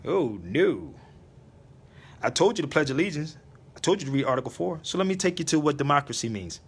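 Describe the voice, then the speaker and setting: A man's voice: a little high, lively intonation, a little fast, breathy edge. A man hosting a live internet radio stream, lecturing in an emphatic, preachy way and repeating his points.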